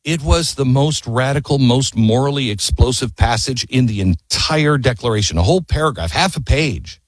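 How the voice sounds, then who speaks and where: A man's voice: mid-range voice, lively intonation, normal speed, dry recording. A man giving an impassioned history talk, telling a story with emphasis, quoted voices and rhetorical questions. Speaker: speaker.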